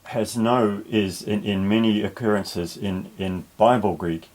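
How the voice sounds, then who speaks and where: Lesson narration: lower-pitched male teacher, patient, methodical, unhurried explanations. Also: fairly even intonation, darkish tone, rough recording. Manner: patient, careful, with small restarts. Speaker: Greek teacher.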